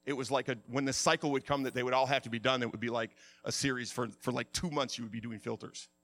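A middle-aged man preaching a sermon, telling stories in an animated way and acting out the shouts himself. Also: medium pitch, fast. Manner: animated storytelling, acts out shouts. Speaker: pastor.

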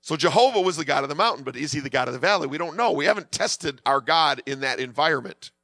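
A man preaching a sermon in a conversational way, acting out quotes and swinging from quiet to loud. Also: a little high, expressive, fast talker, creaky, dry recording. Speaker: pastor.

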